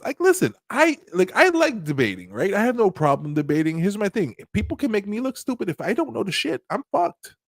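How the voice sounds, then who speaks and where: A man with a notably high voice riffs through casual commentary, animated and profane, breaking into laughter. His voice sits close and dry on the mic, with no room around it. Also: brisk, no room sound. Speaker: commentary channel host.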